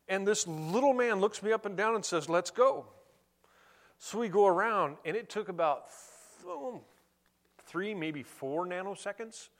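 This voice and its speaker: Middle-aged male pastor, storytelling sermon delivery, voice sits a bit high. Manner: storytelling, animated and conversational.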